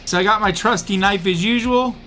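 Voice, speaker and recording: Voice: mid-range voice, a little fast, pushed and bright. Vlog host, casual and upbeat, laughs easily, mid-range voice, faint music underneath. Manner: chatty and upbeat, laughs at own jokes. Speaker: host of an unboxing video channel.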